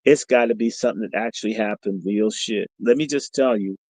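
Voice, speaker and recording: A man's voice: on the low side, fairly quick, no echo, poor audio. Profane, combative middle-aged man telling a story. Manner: animated storyteller. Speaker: podcast host. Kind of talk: storytelling monologue on a livestream.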